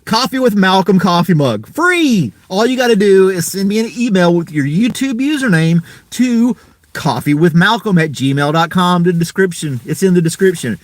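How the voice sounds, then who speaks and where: Male live-stream host, casual and easygoing, slightly high voice, rambles and chuckles. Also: animated, normal speed, no room sound.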